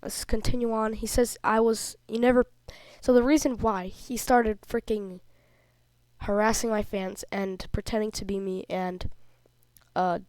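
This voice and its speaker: A kid before puberty, a little under the weather, rambles through a vlog in an indignant tone. The voice is smooth and clear, with a flat, level pitch. It sits close and dry, with almost no room sound. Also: no echo. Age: child, before puberty. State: a little sick. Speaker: video creator. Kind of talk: casual vlog commentary over screenshots.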